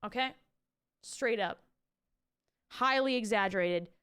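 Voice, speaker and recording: A young woman streaming live, chatting and ranting to her viewers in an animated way, swearing casually. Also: a little high, slow pace, clear, resonant tone. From Canada. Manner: animated, ranty, swears casually, talks to chat.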